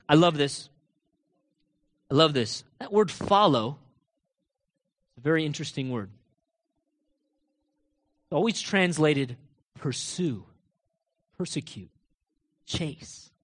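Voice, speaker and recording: A man preaching a sermon, jumping from loud emphatic declarations to quiet low asides and acting out quoted lines with rising fervor. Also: lively intonation, normal speed, long pauses. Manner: acts out quoted voices and scripture with rising intensity. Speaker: pastor.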